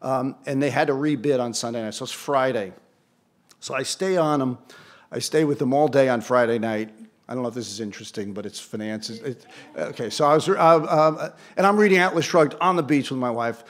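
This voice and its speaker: This award ceremony speaker, a man in his sixties, addresses a crowd in an event hall. With a medium-pitched voice and a fairly quick pace, he relates an anecdote peppered with wry, self-mocking remarks.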